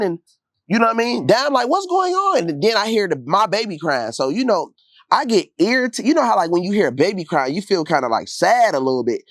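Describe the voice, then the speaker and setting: Interview guest, man, animated slangy storyteller who acts out quotes; bouncy intonation, dry close sound. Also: high voice, no room sound. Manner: gets loud and heated late in the telling.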